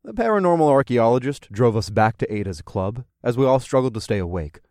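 A man reading a first-person audiobook in a steady, easygoing storytelling manner. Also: medium pitch, a little fast, no room sound, studio quality. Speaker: audiobook narrator.

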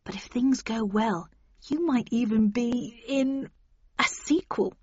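A woman's voice: on the high side, slow, darkish tone, slightly rough, dull audio. A woman voicing a level-headed woman agent in an audiobook, firm and coaxing in conversation.

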